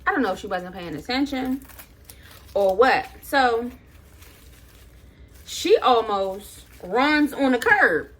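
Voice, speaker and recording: A woman vlogger spins a casual, exasperated rant while she preps food, acting out her own lines as she goes. Her voice sits high and bright, and her pitch swoops up and down with the drama of the telling. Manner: animated, exasperated retelling with acted-out quotes; talks while prepping food.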